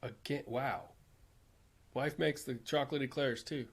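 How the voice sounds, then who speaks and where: A man co-hosting a comedy podcast, reacting as an animated, agreeable sidekick. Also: medium pitch, a little slow, breathy edge. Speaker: co-host. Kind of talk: comic podcast banter.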